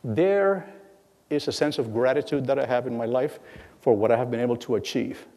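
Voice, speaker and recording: Halting man speaking in a hall. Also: medium pitch, mellow. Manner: halting, repeats words, acts out dialogue. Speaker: guest speaker. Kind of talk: lecture storytelling. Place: lecture hall. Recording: long hall reverb.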